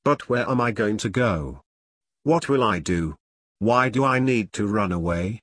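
A man's voice: lowish voice, lively intonation, a little slow, a bit bright, dry recording. A man voicing a confused, hurt young man who asks hesitant, puzzled questions.

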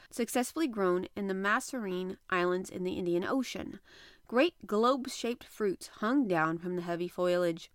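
A woman reading an adventure novel aloud as an audiobook narrator, in a measured, even manner. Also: mid-range voice, no room sound, studio quality. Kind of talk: scripted narration.

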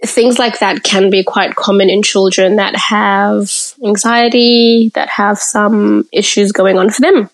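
A woman from Africa speaks as a podcast guest, recounting her story in an open, candid way. Her voice sits at a middle pitch. She talks reflectively and takes pauses to collect her thoughts. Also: steady tone. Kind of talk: personal storytelling in an interview.

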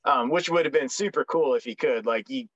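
A man's voice: mid-range voice, a little fast, dry recording. Young vet guy telling war stories, joking around, lots of ums, dry kinda muffled sound. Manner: frank, joking, many ums and restarts. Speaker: guest, military veteran. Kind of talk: casual storytelling interview. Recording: dry, slightly dull recording.

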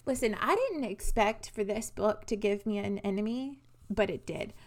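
Animated ranting young woman podcaster. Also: medium pitch, normal speed. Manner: animated, ranting, swears freely. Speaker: podcast co-host. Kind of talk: casual book-club chat.

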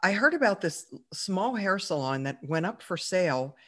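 Woman guest, lowish voice, chatty storytelling, lots of "you know"s and little laughs. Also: sing-song, normal speed. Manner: chatty, many fillers, laughs while telling. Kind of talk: telling a personal story.

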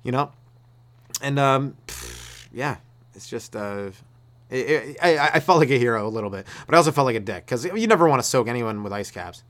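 A man's voice: mid-range voice, animated, fairly quick. A man, a stand-up comedian ranting on his solo podcast in a meandering, laid-back way. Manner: laid-back and meandering, with restarts and acted-out voices. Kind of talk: rambling comedic rant.

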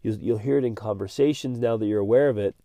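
A man's voice: fairly low pitch, fast, dark tone, dry recording. A man hosting a motivational podcast, speaking earnestly and animatedly, repeating words as he gets fired up. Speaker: podcast host.

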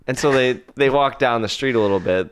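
A man's voice: mid-range voice, a little fast, smooth. A man casually retelling a film's scenes as a podcast co-host, acting out quotes between fillers. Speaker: podcast co-host recapping a film. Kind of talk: casual chat.

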